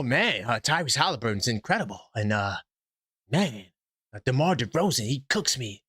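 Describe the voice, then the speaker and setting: Animated man hosting a call-in show. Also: mid-range voice, dry recording, studio quality. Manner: fast, animated, exasperated, slangy. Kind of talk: live call-in sports talk.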